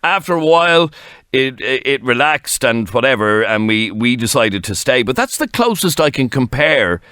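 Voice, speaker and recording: A man's voice: medium pitch, very animated, moderate pace, pushed and bright, clean tone, no echo, studio quality. Irish man hosting a radio phone-in. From Ireland. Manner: conversational, probing. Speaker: radio talk show host. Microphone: studio microphone.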